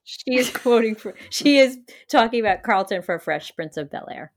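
A woman's voice: on the high side, animated, normal speed. A woman co-hosting a podcast, recapping a TV episode in casual chat, laughing often and acting out quotes. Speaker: podcast co-host.

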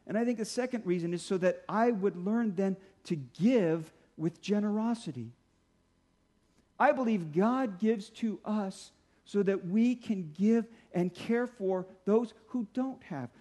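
A middle-aged male pastor preaching a sermon in a conversational way, slowing down to stress key points. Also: sits high, dark tone. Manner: conversational preaching, slows for emphasis.

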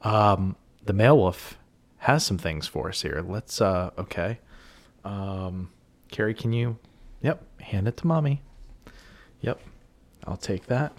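A man with a fairly low voice co-hosts a podcast in relaxed, casual chat. He fills his pauses with frequent ums. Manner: relaxed and chatty, with many ums. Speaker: podcast co-host.

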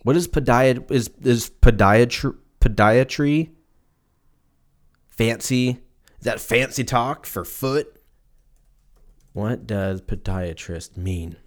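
A man's voice: medium pitch, takes it slowly, pauses often. A man in his twenties from Southern California, hosting a casual solo podcast and rambling, joking and swearing freely. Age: 20s. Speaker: podcast host.

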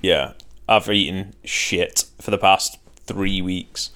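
A man's voice: deep voice, fairly even intonation, takes it slowly, bright, forceful tone, smooth. A man co-hosting a podcast in casual chat, mostly giving short agreeing replies with some dry swearing. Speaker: podcast co-host.

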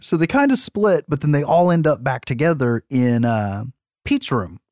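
A man's voice: mid-range voice, normal speed, no echo, clean studio sound. A man hosting a podcast, recapping a movie in a casual, profane way and laughing often. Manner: profane, laughing, animated storytelling. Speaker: podcast host.

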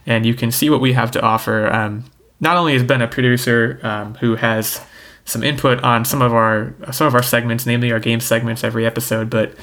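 Guy hosting a podcast, laid back and jokey, lots of ums, pretty average pitch. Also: a bit bright. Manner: easygoing and jokey, with lots of hesitation sounds. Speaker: podcast host. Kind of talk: casual podcast chat.

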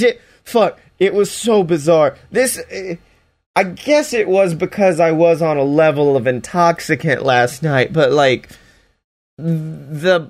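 A man casually recapping a wrestling show, profane and sarcastic, often slipping into mocking voices. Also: on the high side.

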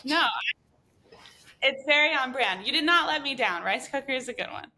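A woman's voice: high voice, animated, moderate pace, bright, forceful tone. A woman hosting a food podcast, upbeat and giggly in casual interview chat. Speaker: podcast host.

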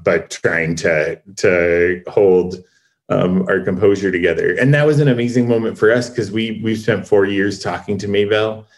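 A man with a deep, low voice speaks in a relaxed interview. He is a series co-creator and talks thoughtfully, often backing up to restart a sentence. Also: rough recording. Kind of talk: casual interview talk.

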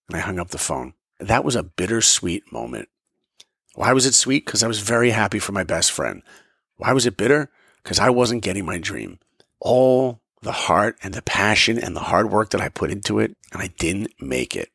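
Guy telling a story, gravelly, super lively pitch, dry close sound. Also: fairly quick, no room sound. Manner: animated, acts out dialogue. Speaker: motivational podcast speaker. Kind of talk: personal storytelling talk.

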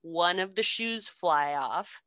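A woman's voice: fairly low pitch, animated, slow, a bit bright, no echo. A young woman casually retelling a story with sarcasm, frequent swearing and laughter, as a podcast co-host.

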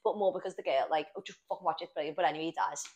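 A young woman talks fast in a loose podcast chat. Her voice sits a little low, and she keeps tossing in fillers and swear words. She rambles through the story as she tells it. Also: a little mellow, highs cut off. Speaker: podcast co-host. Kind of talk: casual chat.

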